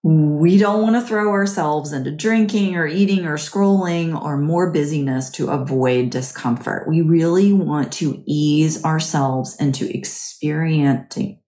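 Female podcast host; deep, slow delivery; friendly coaching tone; reverberant room. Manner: gentle, chatty, often asks "right?". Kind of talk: guided mindfulness talk.

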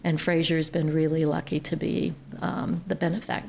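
Gravelly-voiced woman telling a heartfelt story. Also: low-pitched, normal speed, slight background noise. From Ohio. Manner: earnest, animated when quoting others. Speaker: guest, nonprofit chief executive. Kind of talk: conversational storytelling.

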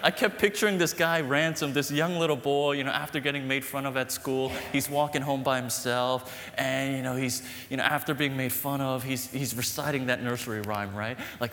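Male pastor, sermon, lively emphatic delivery, roomy reverberant hall. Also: mid-range voice, brisk, hardly any pauses, slight background noise. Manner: animated, emphatic, storytelling with laughs. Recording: echoey hall with long reverb.

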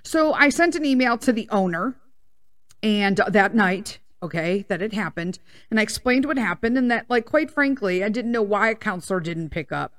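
A woman's voice: medium pitch, moderate pace. A woman hosting a casual podcast, swearing heavily as she rants through a personal story and acts out the people in it. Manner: profane, ranting and animated; acts out quoted people in dialogue. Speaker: podcast host.

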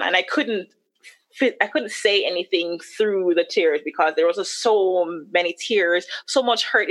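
A woman candidly recounting a painful personal story as a guest, with emotional retellings and quick asides. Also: on the low side, fairly bright tone. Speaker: podcast guest.

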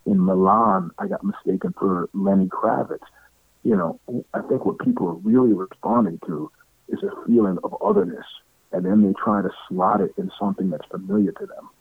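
A man's voice: on the low side, big pitch swings, moderate pace, creaky, breathy edge, dry recording. A middle-aged man telling stories in a casual interview, acting out what other people said and laughing often. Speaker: interview guest. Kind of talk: casual storytelling. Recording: tinny phone-like line, dry.

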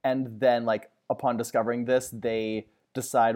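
A man in easy, casual conversation on a fan podcast, mid-pitched and ordinary. He rambles and corrects himself mid-thought. He drops deadpan jokes as he goes. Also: moderate pace. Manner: rambling, self-correcting, jokey.

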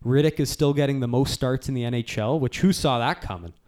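A man hosts a casual sports podcast, speaking loosely and rambling, often restarting his sentences and laughing. His voice is medium-pitched and brisk with a darkish tone.

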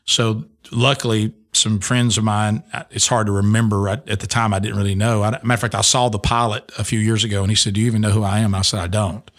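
A middle-aged man with a fairly low voice tells a personal testimony on a podcast. He speaks earnestly and often restarts his sentences as he goes. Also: little pitch movement, fast, hardly any pauses. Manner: earnest storytelling with many restarts. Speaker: radio host and speaker.

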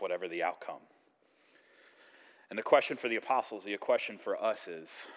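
A man preaching a sermon in a conversational, animated way, acting out quoted voices. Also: lowish voice, in a large hall. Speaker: pastor.

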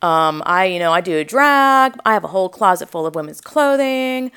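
A woman's voice: mid-range voice, animated, moderate pace, a bit bright, clear, resonant tone, close to an everyday voice. A woman putting on the voice of a boastful man bragging about his life, with a proud, showy manner.

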